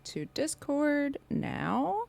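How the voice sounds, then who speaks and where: A woman casually chatting as a live streamer, bubbly and excitable as she talks to her viewers. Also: high voice, very slow, creaky.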